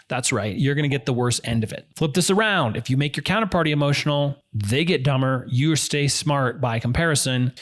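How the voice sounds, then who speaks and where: A man's voice: medium pitch, fairly bright tone. Emphatic man coaching on negotiation. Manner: direct and emphatic, repeats key phrases. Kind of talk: instructional talk to camera.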